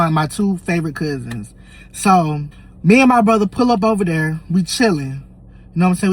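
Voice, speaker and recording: High-voiced young man telling a story. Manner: animated, emotional storytelling with reenacted quotes. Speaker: vlogger. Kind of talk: storytime vlog.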